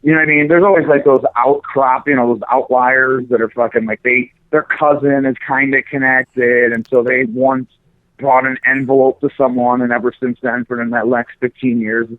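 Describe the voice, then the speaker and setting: A man's voice: medium pitch, level tone, moderate pace, no room sound. Ranting man on a tinny line. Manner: profane, ranting, mocking. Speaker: podcast co-host. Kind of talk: crude casual banter. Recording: dry, phone-like narrow sound.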